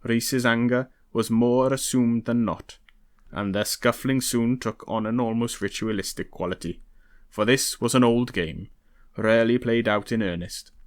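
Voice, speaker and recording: A man reading a historical novel aloud in a steady, even storytelling manner. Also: medium pitch, normal speed. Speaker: audiobook reader. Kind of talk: novel read-aloud narration.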